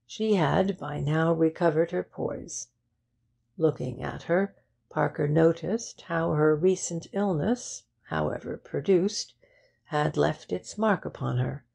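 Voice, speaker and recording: Woman narrator, audiobook, low, slow, very creaky and husky. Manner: even, unhurried reading. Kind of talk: scripted narration.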